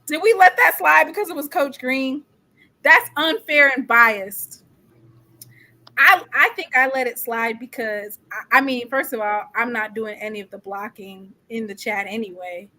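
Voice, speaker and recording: A woman hosts a casual live-stream show, talking straight to her viewers in the chat. Her voice sits a little high, and her tone is bright and sharp. She keeps the talk loose and chatty. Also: measured pace. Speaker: show host.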